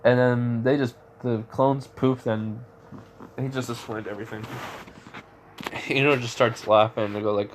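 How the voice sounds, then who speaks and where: A man's voice: mid-range voice, steady tone, unhurried, pauses often, slight background noise. A man casually retelling a fan story, rambling with many restarts. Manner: rambling, lots of fillers and restarts.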